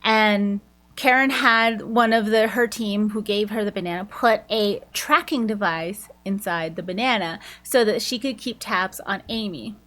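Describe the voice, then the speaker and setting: A woman talks through a novel's plot in an easygoing book review. She keeps it loose and chatty, full of "like" and quick quoted lines, with a voice of middling pitch. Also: fairly bright tone.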